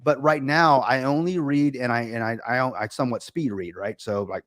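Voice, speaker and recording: A middle-aged man, a guest, telling a rambling story in a lively, animated way. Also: medium pitch, normal speed, no echo, studio quality. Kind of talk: casual storytelling chat.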